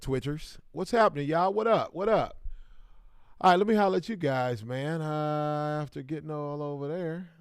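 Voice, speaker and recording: A man's voice: a little high, dry recording, studio quality. A man from Kansas City, hosting a casual livestream and greeting viewers by name in bursts of hype. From Kansas City, American Midwest. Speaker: livestream host.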